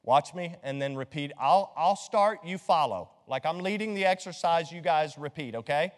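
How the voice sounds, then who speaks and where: A middle-aged male pastor preaching a sermon, lively and joking as he quizzes his congregation with rhetorical questions. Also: on the high side, normal speed. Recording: long hall reverb.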